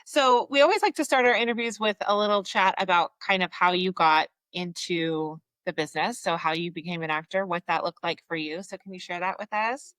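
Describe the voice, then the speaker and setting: A woman's voice: lowish voice, brisk, few pauses, fairly bright tone, no echo. A woman hosting a podcast interview over a video call, asking easygoing open questions in casual chat. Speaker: podcast host. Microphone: computer on video call.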